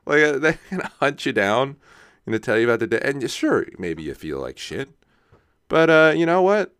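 A man's voice: mid-range voice, sing-song, normal speed, fairly bright tone, clean tone, dry recording, clean studio sound. A young man hosting a solo podcast, rambling casually, often laughing at himself and checking in with "right?". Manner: casual, self-mocking, laughs often, says "right?" a lot. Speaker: podcast host.

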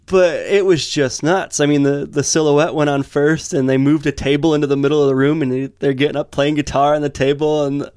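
A man hosting a casual podcast, telling stories in an animated way and breaking into high impressions of people. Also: fairly quick, hardly any pauses, clean tone, no echo, studio quality.

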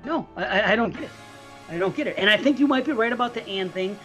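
A podcast co-host reviewing a horror film in casual, animated chat, cursing and laughing often. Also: medium pitch, quick pace, highs cut off, faint music behind.

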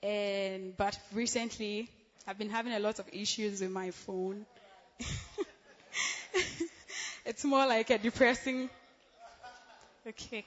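A woman's voice: mid-range voice, steady tone, slow, pauses often. A young woman giving a chatty, giggly testimony at church, laughing between phrases. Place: church hall. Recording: dull lo-fi with long church hall reverb.

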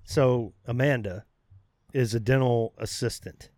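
A man's voice: medium pitch, a little slow, no room sound. Profane storytelling man, dry close sound. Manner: profane, animated, acts out quoted voices. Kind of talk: casual storytelling chat.

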